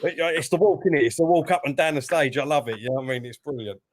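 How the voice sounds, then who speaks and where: A man with an East London accent co-hosting a football fan live stream, reading out viewer comments and chatting in a relaxed, friendly way. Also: a little high, racing. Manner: chatty, relaxed, thanks viewers and retells comedy bits. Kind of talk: casual chat.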